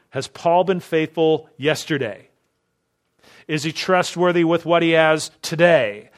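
A man preaching an expository sermon, driving his points home with emphatic strings of rhetorical questions. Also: on the high side. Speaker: pastor.

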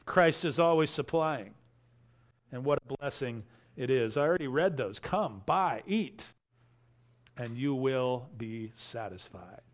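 A man preaching an expository sermon, emphatic, repeating key phrases and swinging between loud stresses and quiet asides. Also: medium pitch, lively intonation, slow. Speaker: pastor.

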